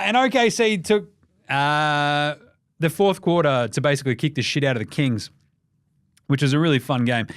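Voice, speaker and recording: A young Australian man runs through the night's basketball scores in a loose, sweary, rambling way. His voice sits a little high, and it comes across dry and close with no room sound. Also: fairly bright tone, no room sound. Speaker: NBA recap podcast host. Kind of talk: casual sports recap.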